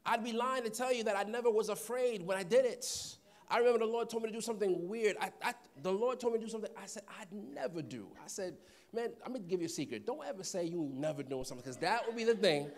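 A man's voice: high-pitched, lively intonation, fast. A man preaching a sermon, telling stories, acting out voices and laughing often. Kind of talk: sermon with storytelling.

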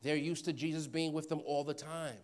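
Animated high-voiced preacher man. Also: a little fast. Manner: animated, acts out voices, laughs often. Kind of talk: sermon with storytelling.

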